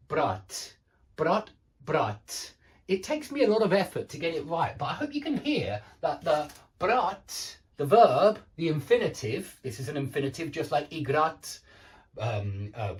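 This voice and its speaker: A man teaching a beginner language lesson who explains patiently and slowly repeats words to model how they sound. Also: fairly high pitch, sing-song, recorded from a distance.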